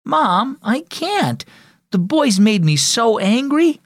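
A man's voice: very high voice, no room sound, studio quality, pitched above the performer's own voice, heavily acted. A man voicing a spirited, hot-tempered young girl in a children's audio story. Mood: angry. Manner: excitable, quick to flare up.

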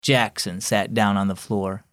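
A man's voice: on the low side, steady tone, a little slow, dry recording, clean studio sound. A man hosting a children's devotional program, reading scripted narration in an encouraging storyteller's way.

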